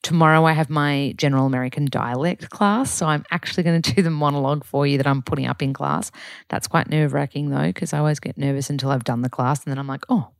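Chatty Australian woman, low and gravelly. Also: fast talker, dry recording, studio quality. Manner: chatty, upbeat, rambling with many fillers. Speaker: podcast host and yoga teacher. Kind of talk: casual diary chat.

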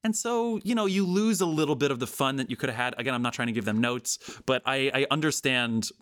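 Guy on a movie podcast, rambly and animated, dry close sound. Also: mid-range voice, fast talker, no echo. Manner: rambling, animated, self-interrupting. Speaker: podcast host. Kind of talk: casual film discussion.

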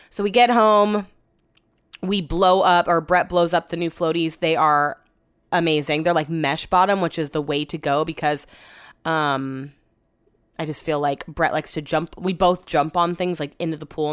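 A woman's voice: fairly low pitch, clean tone, no room sound, clean studio sound. A young woman podcasting in a casual, rambling chat, retelling her day with exasperation.

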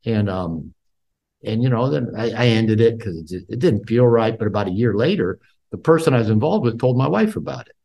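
A man's voice: mid-range voice, animated, brisk, creaky, a little mellow. An older man in an interview, a therapist and author, telling his personal story candidly and reflectively, with many fillers and restarts.

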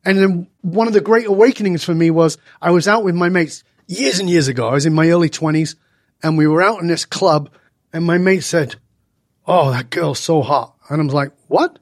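A man in his sixties from Northern England, a guest telling stories in conversation and acting out the dialogue with lively voice changes. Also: on the high side, a little fast, dry recording, studio quality. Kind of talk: animated storytelling in conversation.

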